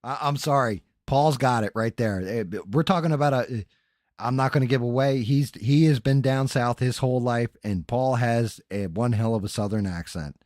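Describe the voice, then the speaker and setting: A man's voice: medium pitch, moderate pace, darkish tone, no echo, studio quality. A man hosting a casual livestream, bantering loosely and swearing with the live chat and his co-hosts. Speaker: podcast host.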